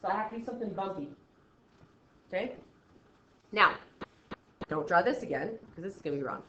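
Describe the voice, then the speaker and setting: With a lively, fairly bright medium-pitched voice, a woman teacher moves a little fast through a math lesson, acting out student reactions and repeatedly asking "okay?" The classroom recording sounds slightly dull and roomy, with slight background noise.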